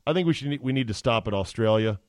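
A man's voice: medium pitch, quick pace, no echo, clean studio sound. A man hosting a podcast, telling stories in casual, profane, jokey chat. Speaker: podcast host.

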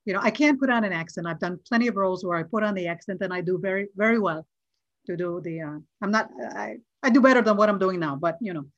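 A woman's voice: medium pitch, fast talker, dry recording. A middle-aged woman, an actress, telling a story in a casual interview and acting out the quoted lines. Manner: lively, acts out quoted dialogue. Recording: dull, dry recording.

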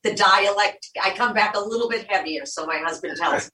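A woman's voice: medium pitch, moderate pace, sharp tone, distant mic, poor audio. A woman from the Boston area with a Boston accent, talking earnestly as a guest on a podcast about animal rescue education. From Boston area, New England. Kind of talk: casual podcast conversation.

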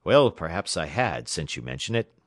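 A man's voice: low-pitched, big pitch swings, normal speed, no echo, studio quality. A man voicing a pompous young male railroad clerk who quavers and stammers when frightened. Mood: lofty.

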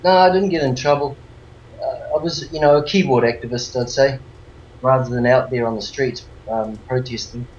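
A man with a New Zealand accent, talking as an interview guest. He rambles in an easy, unhurried way, padding his thoughts with fillers. The line sounds a little dull, with a faint hiss behind it. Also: medium pitch. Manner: relaxed, rambling with many fillers. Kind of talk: casual remote interview.

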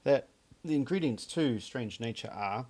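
A man's voice: mid-range voice, animated, moderate pace, darkish tone. Joking, chatty male podcast host. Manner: dry, joking, chatty with fillers. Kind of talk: casual chat.

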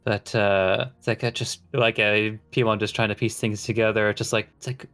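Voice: medium pitch, little pitch movement, normal speed, few pauses, fairly bright tone. A tabletop role-playing player describes their character's actions. They speak hesitantly, full of fillers and small giggles. Faint music sits underneath. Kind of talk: casual tabletop play.

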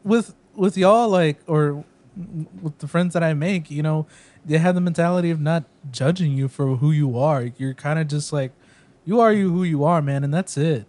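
A man's voice: a little high, normal speed, a little mellow. A man co-hosting a podcast in casual chat, talking in a laid-back way with lots of fillers. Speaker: podcast co-host.

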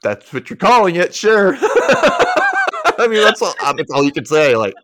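A podcast host with a high-pitched voice chats casually through a recap at a measured pace, animatedly acting out quotes from scenes. The studio recording is clean, with no echo.

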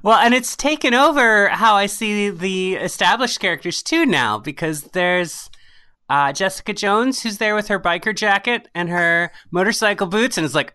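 A woman's voice: mid-range voice, normal speed, clear, resonant tone. A woman guest on a podcast, telling stories animatedly in a casual chat and often laughing. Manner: animated storytelling with frequent laughs. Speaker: podcast guest, writer and storyteller.

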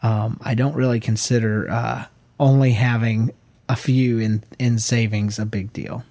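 A man's voice: medium pitch, little pitch movement, unhurried, dark tone, dry recording, clean studio sound. A man in his thirties co-hosting a podcast, chatting casually and jokingly with his wife, rambling with many restarts. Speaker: podcast co-host.

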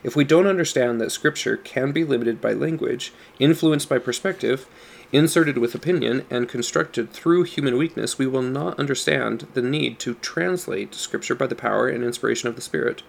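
A man reading a nonfiction book on scripture aloud, measured and explanatory, leaning on stressed words to show meaning. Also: medium pitch, gravelly. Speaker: audiobook narrator.

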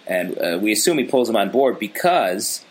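A man's voice: on the low side, sing-song, moderate pace. A man co-hosting a podcast, chatting casually about a TV episode and riffing on silly jokes. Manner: joking, easygoing, drifts into silly riffs. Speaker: podcast co-host. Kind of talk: casual TV recap chat.

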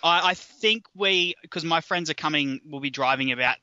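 An Australian man as a podcast guest, talking casually in a halting way with restarts. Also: a little high, sharp tone, clear, resonant tone, no echo, muffled recording. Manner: halting, with many restarts and fillers.

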